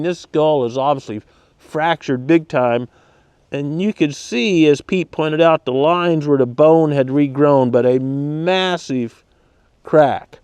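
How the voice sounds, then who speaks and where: A man hosting a hunting show, talking casually in a folksy, joking way with quick asides. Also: on the high side, darkish tone, clear, resonant tone. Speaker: show host and deer hunter. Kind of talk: casual chat.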